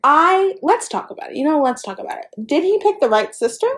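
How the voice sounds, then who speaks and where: A woman's voice: high voice, very animated, brisk. A young woman in casual chat about a TV show, playful and teasing, jumping from joke to joke. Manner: playful, teasing, jumps between jokes. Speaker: co-host.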